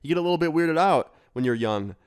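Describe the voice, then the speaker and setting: A man telling a storytime vlog story in a casual, profane, animated way. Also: on the high side, quick pace, clean tone. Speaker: storyteller vlogger.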